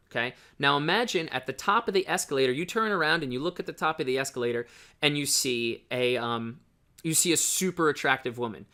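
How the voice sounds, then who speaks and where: A man's voice: medium pitch, sharp tone. A man coaching on dating in casual, blunt talk, often checking in with the listener by asking "right?".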